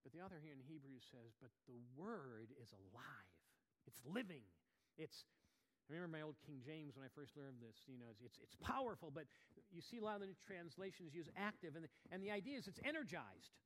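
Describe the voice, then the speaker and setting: A male pastor with a voice pitched a little above most men's, delivering a sermon in a conversational way. He stumbles and restarts, drops in casual asides, then builds into forceful, emphatic stretches. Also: fast talker, long reverb tail. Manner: animated, rises to emphatic bursts.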